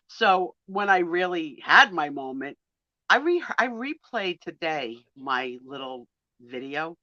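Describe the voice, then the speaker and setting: Woman on a live stream, bright punchy voice, chatty storyteller, kinda dull dry audio. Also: on the low side, no echo. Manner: animated storyteller, quick laughs, acts out quotes. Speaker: guest co-host of a live sale chat.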